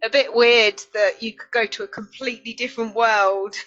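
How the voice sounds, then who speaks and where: A woman with a Northern English accent, co-hosting a casual knitting chat, quick to agree and joke. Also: on the high side, steady tone, fairly bright tone, muffled recording. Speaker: podcast co-host.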